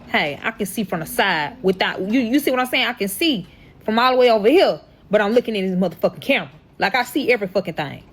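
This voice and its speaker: A young woman telling a dramatic storytime to her viewers in a casual, animated way, swearing often. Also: mid-range voice. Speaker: storyteller reacting to her own past.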